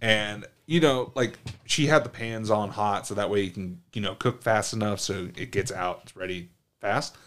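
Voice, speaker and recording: At normal speed and with a fairly low voice, a male podcast co-host laughs a lot and curses freely while animatedly recounting comic stories about food in a casual chat.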